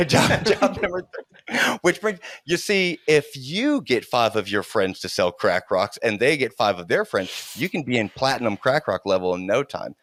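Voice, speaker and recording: A middle-aged man telling a childhood story in casual conversation, animated and laughing often, restarting his sentences as he goes. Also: mid-range voice, normal speed, no echo, clean studio sound.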